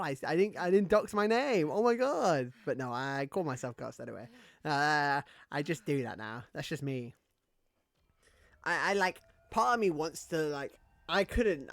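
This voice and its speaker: A man's voice: on the high side, fairly bright tone. Rambling, swearing male streamer. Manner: rambling, swears a lot, many fillers. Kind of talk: casual gaming stream chat.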